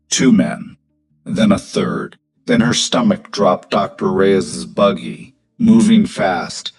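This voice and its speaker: A man narrates a scripted story with a low voice in a measured, steady rhythm. Faint music plays beneath the reading. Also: low-quality recording.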